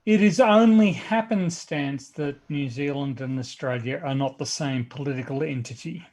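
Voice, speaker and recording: A man's voice: on the high side, moderate pace, a little mellow. A man in a casual group chat, teasing and mock-insulting the others with dry sarcasm. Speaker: guest on a live stream.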